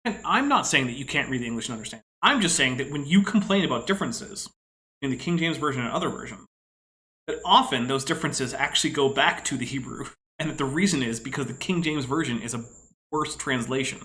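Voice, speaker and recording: A man's voice: medium pitch, animated, fast, sharp tone, poor audio. A man commenting casually on clips, explaining things at length in an analytical way with frequent asides. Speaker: podcast co-host.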